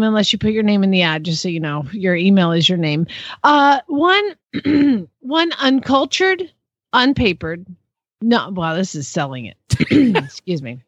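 Woman podcaster mocking ads, lively pitch. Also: no room sound, highs cut off. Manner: dry, mocking ad reading with laughs. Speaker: podcast co-host. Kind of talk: casual chat, reading ads aloud.

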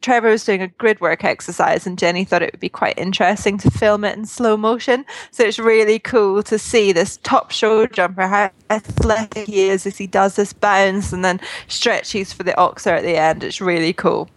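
A woman's voice: medium pitch, fairly even intonation, moderate pace, few pauses, no room sound. A woman from Scotland's East Coast with a Scottish accent, chatting casually as a podcast guest, laughing often and filling with ums. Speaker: guest, equestrian magazine journalist.

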